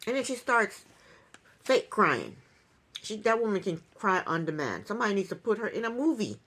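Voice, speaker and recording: A woman's voice: mid-range voice, very animated, normal speed, fairly bright tone. A woman giving a casual reality TV recap in an opinionated, sarcastic way, with chuckling asides.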